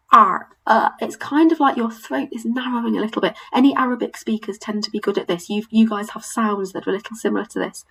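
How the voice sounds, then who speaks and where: Woman, teacher, recorded webinar lesson, encouraging, upbeat, mid pitch. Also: low-quality recording. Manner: upbeat and encouraging, models sounds slowly. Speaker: language teacher.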